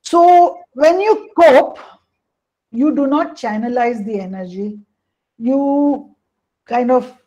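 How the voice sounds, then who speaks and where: A woman's voice: fairly high pitch, dark tone, low-quality recording. A woman coach presenting a webinar on emotions, explaining at length and often saying "you know" and "hey, listen" over a call.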